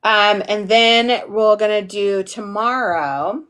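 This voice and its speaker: A woman's voice: medium pitch, slow pace, fairly bright tone, clean tone. A tired woman in her forties, an instructor chatting casually and goofily with livestream viewers, reading their names and laughing often. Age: 40s. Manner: goofy, giggly, talks to chat by name.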